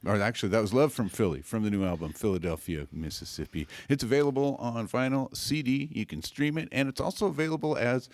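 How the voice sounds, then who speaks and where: A man's voice: medium pitch, fast, few pauses, no echo. A man hosting a radio live session, introducing and interviewing a guest with friendly, plain announcer delivery. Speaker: radio host. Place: radio station studio.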